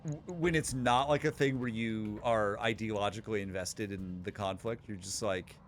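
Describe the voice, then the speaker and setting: A man's voice: lowish voice, fairly even intonation, moderate pace, soft background music. A man co-hosting a game stream, bantering and teasing his friend playfully. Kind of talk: casual chat over gameplay.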